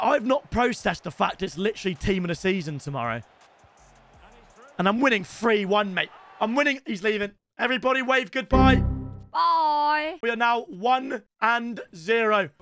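Excitable young British male streamer, high and sharp, swears, shouts. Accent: British English. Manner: excitable, swears, shouts at the game, addresses viewers as lads. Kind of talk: live gaming commentary.

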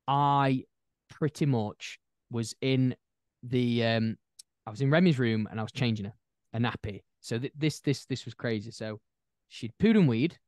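A young man, a new dad and podcast guest, chatting casually and telling animated, rambling stories. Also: mid-range voice, no echo. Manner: animated storyteller, rambling with restarts. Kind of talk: casual chat.

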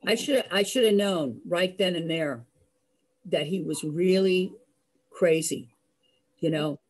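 Husky-voiced woman telling a lively story. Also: on the low side, slow pace. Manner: lively, acts out voices, laughs. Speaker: storyteller host. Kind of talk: animated personal storytelling.

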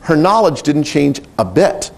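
Man, middle-aged, animal training director, storytelling, lively swings in pitch, a bit high. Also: a little slow, vocal fry. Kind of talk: storytelling talk.

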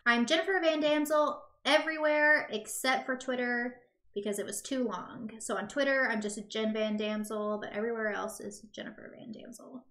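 A woman's voice: a little high, normal speed, a bit bright, roomy sound. A young woman hosting a casual live-stream talk show, chatty and giggly.

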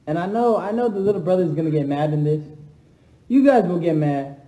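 A young man talks on a livestream in an echoey, empty house. His voice sits fairly high but sounds dark and mellow. He moves from low, subdued chat to loud, hyped trash talk. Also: expressive, fairly quick, slight background noise. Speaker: livestream host answering fans. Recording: echoey room.

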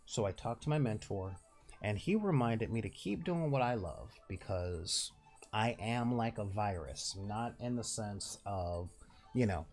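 A man's voice: on the low side, darkish tone. Nasal-voiced man with faint music. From Southern California. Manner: rambling, frequent laughs and restarts. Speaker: channel host. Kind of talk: casual direct-to-camera talk.

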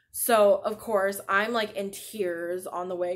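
Her voice is mid-range and a bit bright, with fairly even intonation, a moderate pace and few pauses. She's a podcast host in her thirties, a tired new mom who rambles through casual chat full of "like."

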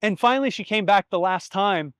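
A man's voice: high-pitched, brisk, fairly bright tone, no room sound, studio quality. A man in his thirties hosting his own podcast, telling stories and reflecting in an earnest, heartfelt way, with casual swearing. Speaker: podcast host. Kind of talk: reflective solo podcast monologue.

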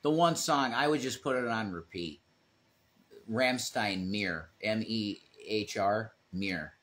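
A man's voice: lowish voice, slow pace, a bit bright. A man co-hosting a casual livestream, rambling, swearing freely and reading chat comments aloud. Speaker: livestream co-host.

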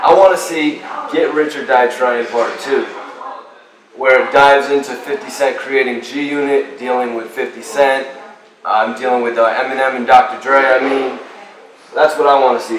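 A man's voice: medium pitch, moderate pace. A man interviewing in casual chat, opinionated and musing in long runs. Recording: roomy echo, distant mic, faint hum.

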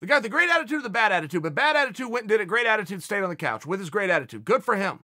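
Blunt male motivational speaker, high and bright, very lively delivery. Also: racing, no room sound, studio quality. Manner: blunt, emphatic, swears for emphasis. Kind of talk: motivational speech.

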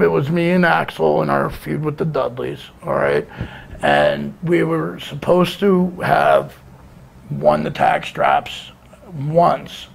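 A man telling a rambling, profane story in a casual way, breaking into shouts now and then. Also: fairly high pitch, gravelly, slight background noise. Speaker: guest storyteller.

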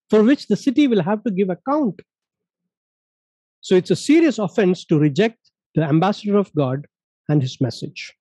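A man from India teaches a Bible study in a high, mellow voice, pressing each point home and repeating verses. The sound is dry and close. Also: no room sound, low-quality recording.

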